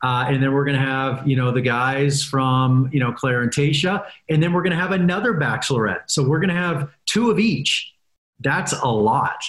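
A man chatting as a guest in an interview, upbeat and quick to laugh. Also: mid-range voice, a bit bright. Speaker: guest, reality dating show host. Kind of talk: casual interview chat. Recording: roomy echo.

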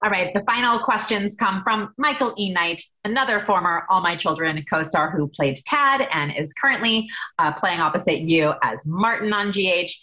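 Woman interviewer, bright tone, upbeat, reads questions aloud, laughs along. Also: lowish voice, expressive, moderate pace, poor audio. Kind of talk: reading fan questions in an interview.

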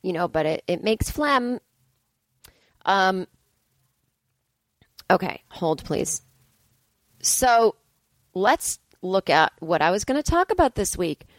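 A middle-aged woman comedian talking alone into a podcast mic, cranky and profane as she rambles. Her voice sits at an ordinary pitch for a woman. The sound is dry and close, with almost no room echo. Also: sing-song, slow pace, long pauses. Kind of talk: casual solo podcast monologue. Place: indoors.

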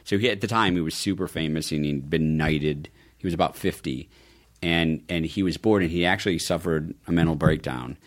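Deep-voiced man telling animated stories. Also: brisk. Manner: animated storyteller, acts out quotes in a higher voice. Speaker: film producer guest. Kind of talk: casual interview conversation.

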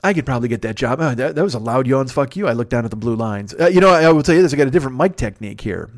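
A man's voice: mid-range voice, expressive, rapid-fire. Profane, rambling man in his fifties. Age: 50s. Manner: rambling, profane, self-mocking. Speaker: podcast host. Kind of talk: solo comedic podcast monologue. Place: apartment. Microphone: microphone turned sideways.

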